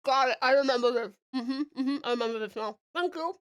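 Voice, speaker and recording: A woman's voice: sits high, a little fast, clear, resonant tone. Giggly chatty woman streamer. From Australia. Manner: chatty, giggly, talks to chat while working. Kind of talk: casual live-stream chat.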